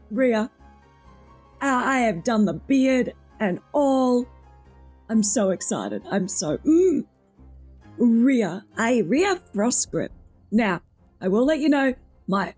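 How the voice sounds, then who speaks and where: Australian woman streamer, bubbly game commentary, husky voice, slow talker, faint game music under it. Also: fairly high pitch. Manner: gushing, excitable, reads game lines aloud.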